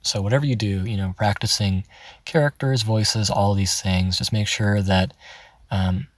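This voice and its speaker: A man giving a relaxed, chatty voice-acting tutorial, laughing often. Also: lowish voice, measured pace, no echo. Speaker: voice acting teacher. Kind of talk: casual tutorial. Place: in his car.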